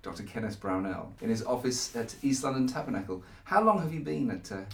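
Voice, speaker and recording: Friendly male podcast host, mid-pitched. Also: animated, brisk, gravelly, reverberant, distant mic, slight background noise. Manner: friendly, asks short curious questions. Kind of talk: casual interview chat. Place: office.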